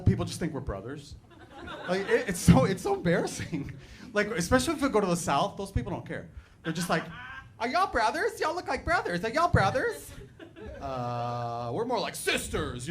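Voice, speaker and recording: A middle-aged man doing a stand-up comedy set on a club stage, telling stories in a chatty, animated way full of "like" and "right". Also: fairly high pitch. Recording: live club recording, background noise.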